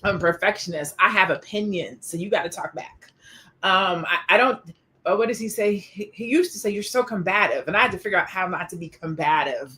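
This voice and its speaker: A woman hosting a casual discussion show, animated and opinionated, who reads out stats and tells stories about herself. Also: lowish voice, brisk. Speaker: podcast host.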